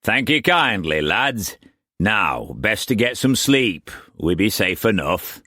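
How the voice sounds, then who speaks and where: A man voicing a gruff, coarse old sea trader who talks slow and blunt. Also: lowish voice, sing-song, sharp tone, no echo, studio quality, exaggerated voice.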